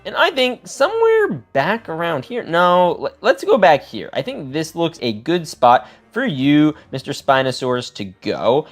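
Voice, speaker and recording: A man hosting a casual toy-building video, chatty, excitable and jokey. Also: a little high. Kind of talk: casual unboxing commentary.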